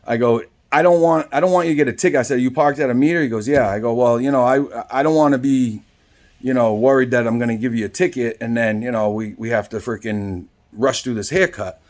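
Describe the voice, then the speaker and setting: Speaking with a medium pitch and a darkish tone, a man who works as a barber rambles through a casual story. He often tacks on "right?" and performs both sides of the conversation himself.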